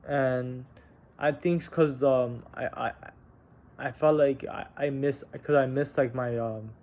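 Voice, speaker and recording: On a vlog, a young man shares a personal story in a relaxed, candid way, stumbling through restarts and fillers and swearing now and then. His mid-range voice is steady and darkish.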